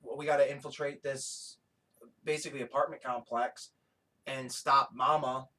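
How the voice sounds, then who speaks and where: A man co-hosting a podcast in casual chat, excitable and profane, often breaking into laughter. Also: mid-range voice, normal speed. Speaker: podcast co-host.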